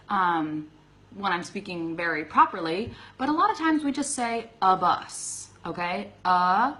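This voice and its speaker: A woman with a Californian accent teaching English in a live online lesson. Her voice sounds bright and clear. She talks in a chatty, easygoing way, laughs often, and checks in with her viewers. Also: mid-range voice, poor audio.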